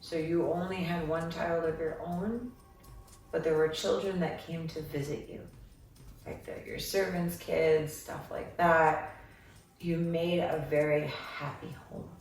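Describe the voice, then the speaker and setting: Low gravelly woman giving a psychic reading. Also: fairly even intonation, a little slow, a little mellow, soft background music. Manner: meandering, many filler ums. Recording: echoey room, far from mic, faint noise.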